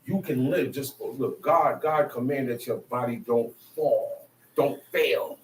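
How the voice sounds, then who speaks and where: A man's voice: medium pitch, takes it slowly. A man preaching and teaching his listeners, firing rhetorical questions at them in a colloquial, emphatic manner. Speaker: street preacher. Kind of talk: call-and-response teaching. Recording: echoey, distant mic with faint ambient noise.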